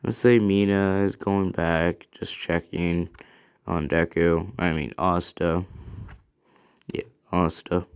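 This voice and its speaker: A man's voice: low-pitched, fairly even intonation, slow, clear, resonant tone. A man improvising a fan story in a casual, rambling way, thinking aloud and correcting himself as he goes.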